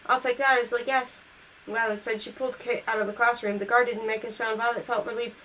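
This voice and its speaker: Female amateur audiobook reader, fairly high pitch, self-corrects. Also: flat delivery, fairly quick, bright, forceful tone, slight background noise, rough recording. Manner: reads on through slips and self-corrections. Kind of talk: amateur novel reading.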